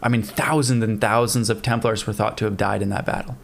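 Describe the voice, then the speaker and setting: A man's voice: fairly low pitch, brisk, gravelly, slight background noise. Laid-back man adding history facts. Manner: relaxed, adds facts with casual swearing. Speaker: podcast co-host. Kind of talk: casual history chat.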